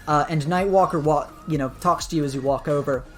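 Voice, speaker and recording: A woman's voice: low-pitched, fairly quick, faint music behind. A woman running a tabletop superhero game, narrating casually with lots of fillers. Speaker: game master.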